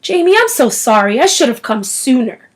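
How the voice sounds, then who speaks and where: A woman reading a brisk, no-nonsense guardian. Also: fairly high pitch, sing-song, breathy edge. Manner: brisk and commanding. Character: brisk, stern but caring Englishwoman guardian.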